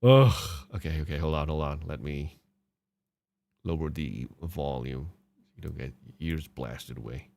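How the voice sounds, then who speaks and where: A man with a very deep, creaky, darkish voice speaks a little slowly while hosting a podcast. He reacts to game clips in casual commentary, sarcastic and mocking, swearing and laughing often.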